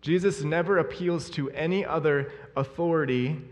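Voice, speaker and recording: A man's voice: a little high, normal speed. A man preaching a sermon in an earnest, emphatic way, repeating his key phrases. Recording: long hall reverb.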